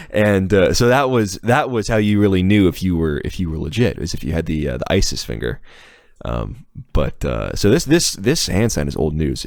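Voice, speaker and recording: A man's voice: low voice, dry recording, studio quality. A man hosting a podcast in casual, mocking chat, often repeating words as he goes. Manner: mocking, sarcastic, repeats words while searching. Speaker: podcast host.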